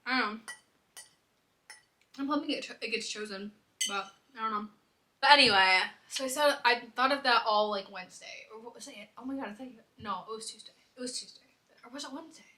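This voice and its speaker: Bright, chatty young woman. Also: on the high side, fairly quick. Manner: animated, rambling storyteller with constant "like". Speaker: host. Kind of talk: casual chat.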